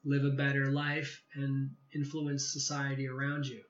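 A man's voice: mid-range voice, unhurried. Man telling a story in an echoey room. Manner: animated, acts out quoted dialogue. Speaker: podcast guest. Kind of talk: casual storytelling interview. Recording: echoey room, slightly dull sound.

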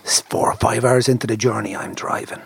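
A man with an Irish accent telling a lively anecdote in a casual chat, acting out the people he quotes. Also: medium pitch, a little fast, vocal fry, husky. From Ireland. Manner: animated, acts out the people he quotes, lively repetitions. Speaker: TV presenter telling a story. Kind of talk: casual anecdote, conversational storytelling.

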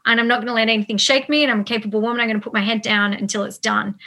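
A woman guest in a casual interview, telling an animated story with many fillers and quoted asides. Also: fairly high pitch, very fast. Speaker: actor guest.

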